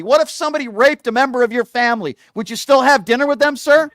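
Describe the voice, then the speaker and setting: A man's voice: very high voice, fast talker, few pauses, fairly bright tone, no room sound, studio quality. A male talk show host arguing with a caller, hectoring, insulting him and repeating the same question. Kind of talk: heated call-in argument.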